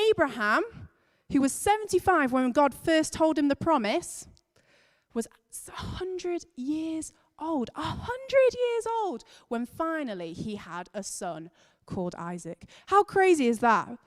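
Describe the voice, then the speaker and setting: A woman giving a lively children's talk in church, telling the story with emphasis and stretching key words. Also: fairly high pitch. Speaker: children's and families leader. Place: large church hall. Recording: long reverb of a church hall.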